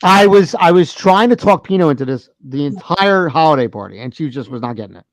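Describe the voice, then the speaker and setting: Brief: male podcast host, high animated voice, dry close mic, profane storyteller. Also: a little fast, no echo. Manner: animated storyteller, swears a lot, laughs often. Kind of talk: casual banter.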